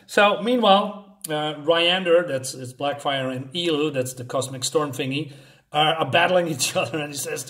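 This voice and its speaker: A man casually recapping a comic issue, halting often with fillers and unsure asides. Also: on the high side, expressive, a bit bright. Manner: hesitant, many fillers and restarts, unsure asides. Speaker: comic book reviewer.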